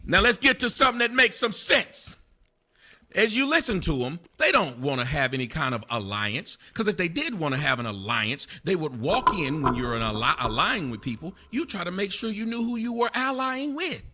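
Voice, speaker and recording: A man in a heated live-stream argument, mocking, profane and shouting in bursts. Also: sits high, big pitch swings, normal speed. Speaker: debate guest.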